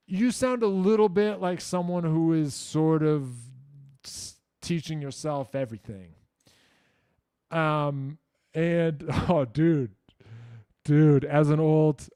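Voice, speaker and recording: A man's voice: medium pitch, dark tone, no room sound, studio quality. A man hosting a casual livestream Q&A, answering viewer questions in a rambling, self-deprecating way, full of likes and you-knows and blunt, profane asides.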